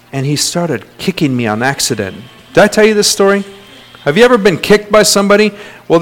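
A man preaching a sermon as pastor, lively, with call-outs and sudden jumps in pitch.

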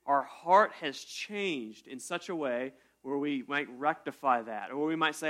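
A man's voice: fairly high pitch, a little slow, few pauses, a bit bright. A man preaching a sermon as pastor, in a conversational way with rhetorical questions.

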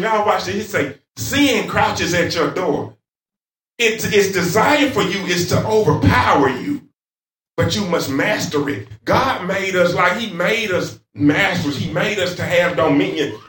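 A man preacher delivering a fervent sermon in a church, moving between shouts and hushed passages. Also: sits high. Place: church sanctuary. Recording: echoey church from far off.

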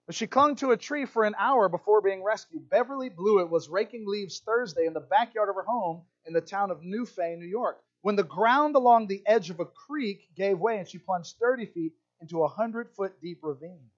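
A man's voice: sits high, moderate pace, few pauses, lo-fi sound. A man preaching a sermon as a pastor, telling stories and acting out little voices. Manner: animated storytelling, acts out voices.

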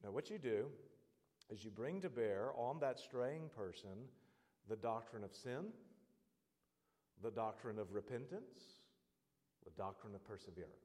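A man preaching a sermon, earnest and building to loud, emphatic exhortation. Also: on the low side, expressive, unhurried, pauses often, long reverb tail.

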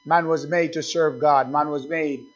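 A man preaching a sermon, swinging between quiet asides and fervent rising calls. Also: fairly high pitch, fairly even intonation, measured pace, highs cut off.

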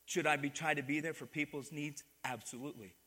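A man's voice: a little high, steady tone, fairly quick, sharp tone, big-room sound. A man preaching a sermon as pastor, calling on the congregation to answer back and repeat his words. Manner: call-and-response preaching, asks the congregation to repeat. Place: church sanctuary.

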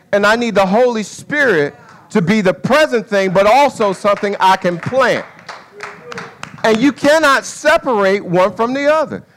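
A man preaching a sermon with an object lesson, in a folksy way that swings from quiet asides to loud dramatic calls. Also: very high voice.

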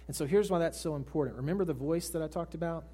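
A male pastor preaching to a congregation, swinging from raised emphatic lines to hushed soft ones and putting questions to his listeners. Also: fairly high pitch, quick pace, slightly rough, faint music behind. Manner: asks the congregation direct questions. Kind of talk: sermon. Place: church service with congregation.

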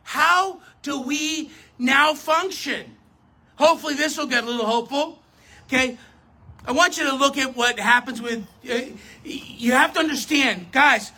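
A preacher giving a sermon, talking straight to the audience, swinging between loud emphasis and soft asides. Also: high voice. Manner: addresses the audience directly, self-correcting.

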